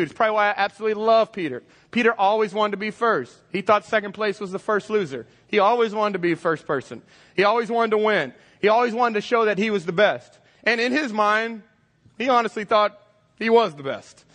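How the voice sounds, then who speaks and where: A man, preaching a lively, joking sermon and acting out scenes. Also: high-pitched. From Texas. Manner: energetic, joking, acts out scenes in voices. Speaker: pastor. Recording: long hall reverb.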